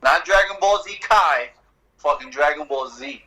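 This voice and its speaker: Middle-aged man, bright tense voice, loose swearing podcast storyteller. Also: a little high, a little slow, a little hiss or hum, poor audio. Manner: animated, profane storyteller, acts out exchanges. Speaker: poet and guest. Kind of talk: casual podcast conversation.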